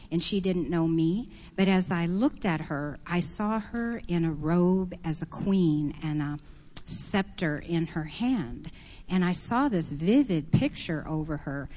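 A woman on a church panel calmly telling a story in a thoughtful, unhurried way. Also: lowish voice. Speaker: panelist, prophetic minister. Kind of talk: reflective storytelling.

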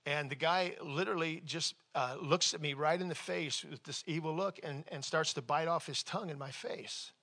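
A male pastor preaching a sermon, telling a personal story in a conversational, animated way with frequent restarts. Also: on the high side, normal speed, few pauses.

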